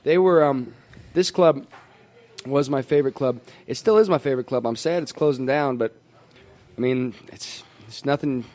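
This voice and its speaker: A male comedian telling stories in a casual podcast interview, animated and slipping into voices. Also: mid-range voice, moderate pace. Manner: storytelling, animated, slips into voices. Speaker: comedian and musician.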